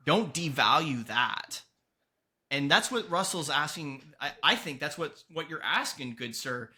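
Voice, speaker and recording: Guy hosting a podcast, punchy bright voice, fired-up pep talk, drops a swear here and there. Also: fairly high pitch, animated, unhurried. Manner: emphatic, earnest, swears casually. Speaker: podcast host and coach. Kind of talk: casual motivational podcast talk.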